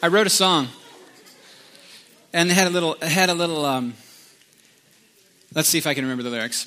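Hombre predicador de voz brillante y aguda. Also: male voice, on the high side, fairly even intonation, fairly quick, long pauses, sharp tone. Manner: conversational storytelling with sung snippets. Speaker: pastor. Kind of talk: sermon.

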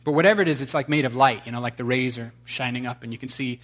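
A male pastor preaches a sermon, moving from loud, fervent exhortation to quiet, confessional storytelling filled with casual fillers. His voice is mid-range and his pace quick.

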